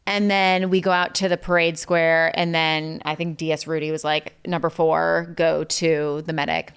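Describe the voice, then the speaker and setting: A woman's voice: sits low, level tone, moderate pace, smooth. A young woman telling a story as a podcast guest, chatty, full of "like" and "um", acting out what others said. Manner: chatty, lots of "like" and "um", acts out quotes. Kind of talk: casual storytelling interview.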